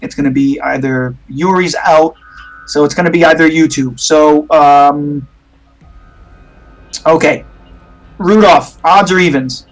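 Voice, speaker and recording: A man's voice: fairly high pitch, a little slow, long pauses, faint music behind, rough recording. A man narrating a tabletop horror game as game master, hesitant, with many fillers.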